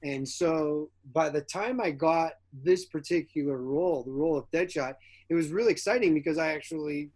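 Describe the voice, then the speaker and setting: Man, guest actor, casual interview storytelling, animated, laughs a lot, slightly higher voice. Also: normal speed. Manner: animated, acts out quoted dialogue, laughs often.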